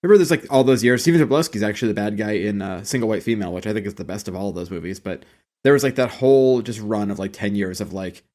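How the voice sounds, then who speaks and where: A man's voice: on the low side, fast, a little mellow. A man co-hosting a podcast, chatting casually and rambling about an old sitcom, swearing and laughing often. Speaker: podcast co-host. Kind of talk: casual chat about a TV show.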